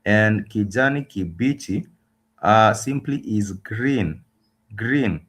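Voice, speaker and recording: A man teaching Swahili words in a livestreamed lesson, patient and repetitive, pausing often with filler sounds. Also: fairly low pitch, animated, fairly bright tone.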